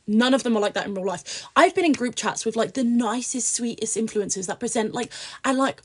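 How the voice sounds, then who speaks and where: A woman's voice: fairly quick, slightly rough. Blunt, foul-mouthed British woman. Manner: blunt, profane and unfiltered; swings between low mutters and loud outbursts. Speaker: social media influencer guest. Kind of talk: casual podcast chat.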